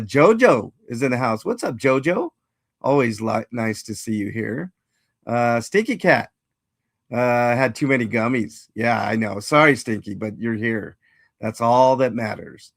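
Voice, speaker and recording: A man's voice: medium pitch, expressive, measured pace, vocal fry, slightly rough, no echo, studio quality. A man hosting a casual livestream, rambling and greeting chat viewers by name. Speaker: livestream host.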